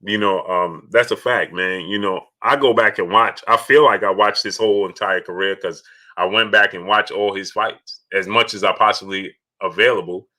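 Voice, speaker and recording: A man hosting a casual live stream, halting with many fillers and pauses as he reads viewer messages. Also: lowish voice. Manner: halting, many fillers, bursts of excited yelling at a game. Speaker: live stream host reading super chats.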